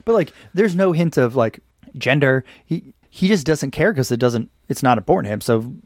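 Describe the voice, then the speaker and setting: A man with a mid-pitched voice chats loosely on a podcast, retelling scenes in an offhand way with some swearing. His recording sounds dry and close, with no room echo. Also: lively intonation, normal speed. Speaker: podcast co-host reviewing an anime. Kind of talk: casual conversation.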